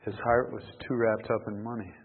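A man preaching a sermon emphatically, swinging from loud outbursts to near whispers. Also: lowish voice, level tone, normal speed, creaky, breathy edge. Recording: tinny phone-like sound in a reverberant hall.

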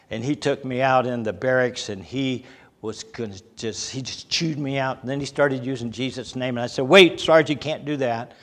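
Older preacher in a reverberant hall. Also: male voice, medium pitch, steady tone, normal speed. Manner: folksy, chuckling storyteller. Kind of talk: folksy sermon with personal stories.

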